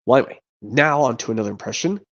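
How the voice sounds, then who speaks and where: Between voice impressions, a streamer chats casually, rambling excitedly and cursing mildly now and then. The voice is medium-pitched and racing, and the recording sounds muffled.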